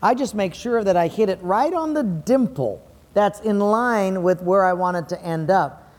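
A man's voice: high voice, expressive, normal speed, a little mellow, in a large hall. A man preaching a sermon to his congregation, conversational and playful as he leads them. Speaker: pastor.

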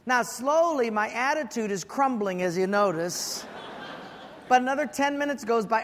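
A man with a very high voice preaches a sermon, acting out his stories and breaking into comic shouts. He sounds like he is in a large hall with a long reverb trailing his words. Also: normal speed, slight background noise. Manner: animated storyteller, acts out voices and shouts for comic effect. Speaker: pastor.

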